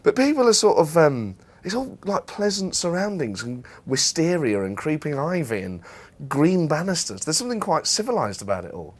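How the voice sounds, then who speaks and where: Guy hosting a comedy sports chat, voice jumps all over, animated storyteller, does little impressions. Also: a little high, moderate pace. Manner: animated storytelling, mimics people he describes. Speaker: host.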